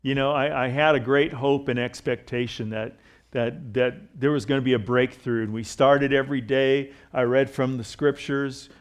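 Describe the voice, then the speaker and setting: A middle-aged man preaches in a church, his voice sitting in an ordinary middle pitch. He talks to the congregation in a relaxed, conversational way, trading jokes and personal stories and often restarting his sentences. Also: moderate pace. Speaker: pastor. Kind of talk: sermon.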